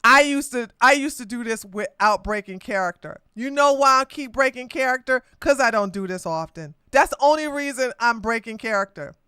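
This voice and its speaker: A woman hosting a livestreamed political podcast, with a high, bright, clear voice. She is combative and mocking and laughs often. The sound is dry and close. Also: lively intonation, moderate pace, hardly any pauses, no echo. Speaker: podcast host.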